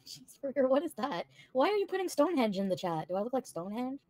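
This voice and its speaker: A woman's voice: high-pitched, big pitch swings, fast talker, mellow. A woman livestreaming, bluntly and profanely venting to her chat. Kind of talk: casual livestream rant to chat.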